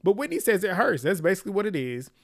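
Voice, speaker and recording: A man with a fairly high voice recaps a reality show episode in casual, chatty talk. He is opinionated and slangy, and he laughs often as he retells the drama. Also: big pitch swings, fast, gravelly.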